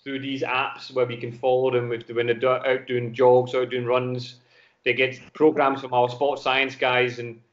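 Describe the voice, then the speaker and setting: A man's voice: medium pitch, level tone, normal speed, fairly bright tone. Danish man with a Glasgow-tinged accent. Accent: Danish with Glasgow Scottish. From Denmark. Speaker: guest, football coach. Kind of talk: casual podcast interview. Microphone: home call over video chat. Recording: dull lo-fi internet call audio.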